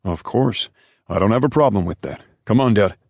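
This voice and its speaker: A man voicing a calm biker-club medic who gently coaxes a hurt child, in a gravelly voice. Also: lowish voice, normal speed, dry recording, studio quality, voice pushed up. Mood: gentle. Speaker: character in audiobook. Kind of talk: audiobook character reading.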